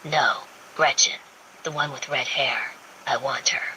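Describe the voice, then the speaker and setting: A woman voicing a brooding, scarred billionaire man who speaks low and quiet. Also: steady tone, a little slow, slight background noise, exaggerated voice, rough recording.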